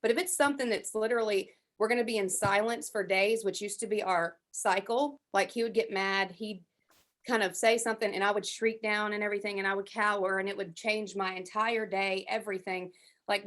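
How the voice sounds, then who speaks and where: A woman's voice: mid-range voice, steady tone, fairly quick, a bit bright. A woman chatting casually in a group class, talking with many fillers and acting out what others said. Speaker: class participant. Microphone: headset.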